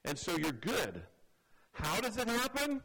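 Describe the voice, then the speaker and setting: Male preacher, high and bright, earnest delivery, drops low for emphasis. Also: wildly swooping pitch, a little slow, gravelly, slightly rough, rough recording. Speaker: pastor. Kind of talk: sermon.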